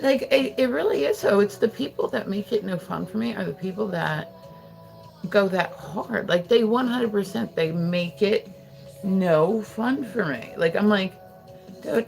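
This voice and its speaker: A woman's voice: medium pitch, creaky. A woman hosting a livestream, chatting casually with viewers, rambling with lots of fillers and frequent laughter. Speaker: livestream host.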